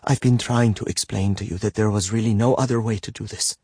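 A man voicing a calm, curt young woman in an audiobook, speaking matter-of-factly. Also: on the low side, brisk, slightly rough, dry recording, clean studio sound. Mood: dry, blunt. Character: cool-headed young woman, dry and blunt. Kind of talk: audiobook character voice.

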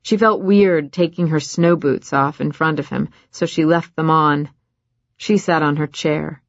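Slow, measured woman narrator. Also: low voice, steady tone, no room sound, lo-fi sound. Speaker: audiobook narrator. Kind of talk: scripted narration.

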